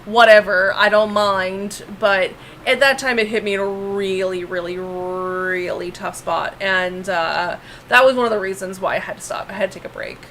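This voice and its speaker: Animated swearing woman in casual chat. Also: mid-range voice, normal speed, a little hiss or hum. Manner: animated, swearing, many fillers and restarts.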